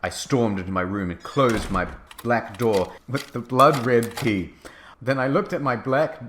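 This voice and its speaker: A man narrating a comedic story reading in a deadpan, dry way. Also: mid-range voice, unhurried, a little hiss or hum.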